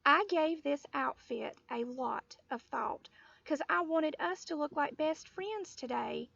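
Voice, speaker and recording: A woman voicing a sly little girl who sounds sweet but sharp, in a storybook reading. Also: sits high, animated, slow pace, gravelly, dry recording, pitched above the performer's own voice, full character voice. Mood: whispered. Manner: sugary then sharp. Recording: dull lo-fi audio.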